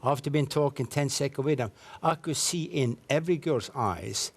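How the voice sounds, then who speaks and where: A man's voice: mid-range voice, normal speed. A middle-aged man, telling his life story earnestly as a guest in a TV studio interview. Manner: earnest storytelling with slightly non-native English. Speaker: evangelist guest. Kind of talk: personal testimony in a studio interview.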